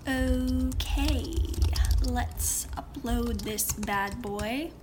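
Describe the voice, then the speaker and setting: High-voiced woman in a comedy audio piece. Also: drawn-out words, background noise.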